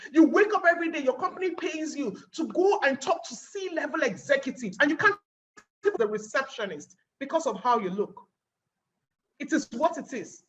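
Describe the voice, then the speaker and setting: Animated Nigerian woman giving a webinar talk. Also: high voice, dull audio. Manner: animated, acting out little scenes and asking rhetorical questions. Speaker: guest speaker.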